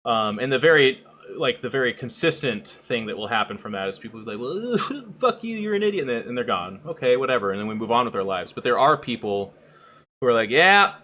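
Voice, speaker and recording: A man's voice: mid-range voice, quick pace, slight background noise. A man co-hosting a casual chat podcast, talking bluntly with lots of swearing and acting out quoted people. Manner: blunt, profane, animated, acts out quotes in raised voice. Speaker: podcast co-host and streamer.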